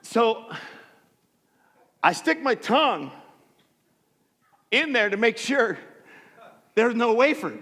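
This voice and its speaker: Middle-aged pastor, high lively voice, comic self-deprecating sermon storyteller, church with long reverb. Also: male voice, slow pace, pauses often. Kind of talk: sermon with personal stories. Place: church sanctuary.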